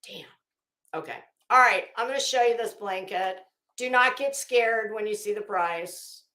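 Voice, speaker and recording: A woman's voice: medium pitch, unhurried, bright, forceful tone, echoey room. A woman hosting a casual live chat, rambling and effusive, often cutting herself off mid-sentence. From Florida. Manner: rambling, self-interrupting, effusive. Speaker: commentary channel host.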